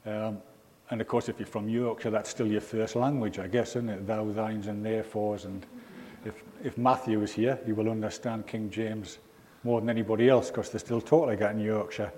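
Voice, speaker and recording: A man's voice: on the low side, fairly even intonation, moderate pace, a little mellow, a little hiss or hum. A man from England giving an informal, rambling sermon in a church, full of ums and asides. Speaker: preacher. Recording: reverberant church hall.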